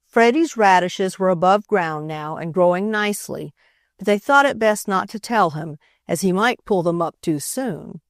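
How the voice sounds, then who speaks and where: A woman's voice: fairly low pitch, expressive, normal speed, no room sound, studio quality. A woman narrating a children's classic audiobook, reading expressively and giving each character a voice. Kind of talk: scripted narration.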